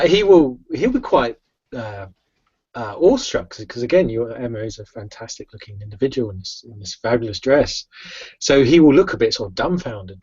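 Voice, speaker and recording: A man describing his character's actions in a tabletop game, halting and stammering, in a dull lo-fi recording. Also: medium pitch, breathy edge, no room sound. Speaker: player.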